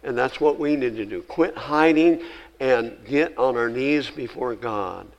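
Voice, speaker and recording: A man delivers a sermon in a middle-pitched voice. He reads the old scripture with rising, emphatic force. Between readings he talks to his listeners in a plain, quiet, conversational way. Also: a little slow, dull audio. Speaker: pastor.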